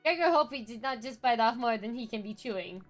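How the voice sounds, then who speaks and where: A woman's voice: a little high, expressive, quick pace, faint music behind, close to an everyday voice. A woman voicing a jovial, boastful male mercenary who speaks in broken grammar and refers to himself by name. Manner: jovial and swaggering.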